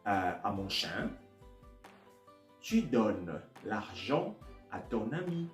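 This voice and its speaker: A man's voice: lowish voice, takes it slowly, pauses often. A man teaching verbs in a casual online lesson, often checking in with "all right?". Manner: lively, repeats "all right?" after phrases. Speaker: French teacher. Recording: echoey room, soft guitar music.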